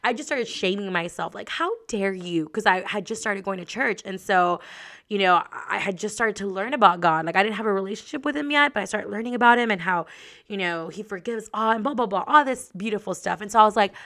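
A woman's voice: medium pitch, fast talker. A woman hosting a show, casually and expressively telling a personal story, with lots of fillers and frequent laughter. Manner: expressive, chatty, laughs often, many fillers. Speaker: host.

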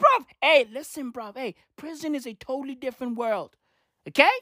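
A man's voice: very high-pitched, moderate pace, pushed and bright, dry recording, clean studio sound. A man doing a profane comic rant, rambling and repetitive, mock-swaggering and constantly calling the listener bruv. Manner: rambling, repetitive, keeps saying bruv and right; swears heavily, mock-swaggering.

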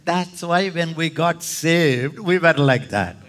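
A male preacher, giving a lively sermon and often jumping into high, excited exclamations. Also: slow. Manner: addresses listeners as "Thambi" and "Anna".

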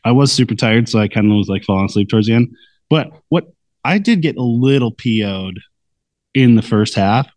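A young man co-hosting a casual sports podcast, joking and getting animated when he quotes people. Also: medium pitch, brisk, no echo. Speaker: podcast co-host.

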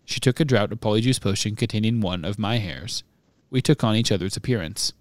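A drugged young man speaking in a flat, expressionless monotone, as a man reads him aloud. The voice is slightly low and quiet, and the recording is dry. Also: fairly quick, dry recording, close to an everyday voice.

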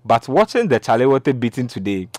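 A man's voice: mid-range voice, very animated, fairly quick, darkish tone, no echo, clean studio sound. A man with a Ghanaian accent hosting a sports talk show, reading listener messages with chuckles. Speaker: radio sports show host.

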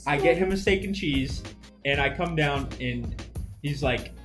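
A man's voice: on the high side, moderate pace, music in the background. A young man co-hosting a podcast, telling a funny story in casual chat and laughing often. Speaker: podcast co-host.

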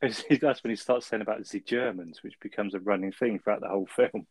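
A man's voice: fairly low pitch, fairly even intonation, brisk, dry recording. A man co-hosting a casual film review, chuckling and ending lines with tag questions. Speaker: podcast co-host.

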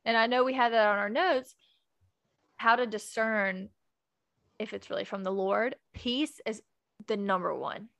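A woman's voice: medium pitch, fairly even intonation, measured pace, vocal fry, pauses often, fairly bright tone, no echo. A woman co-hosting a casual Christian podcast, chatty and joking, often laughing between points. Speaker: podcast co-host. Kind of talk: casual faith chat.

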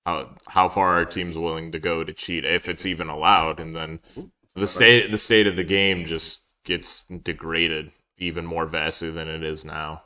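A man's voice: sits low, little pitch movement, normal speed, bright, forceful tone. A man co-hosting a podcast in casual chat, laid-back and rambling, full of filler words. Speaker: podcast co-host.

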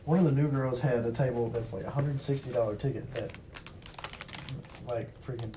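A man's voice: medium pitch, fairly quick, heavy background noise. A man who works as a restaurant server, telling stories casually, full of "like" and swearing. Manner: relaxed, profane, fillers like "like". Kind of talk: casual chat.

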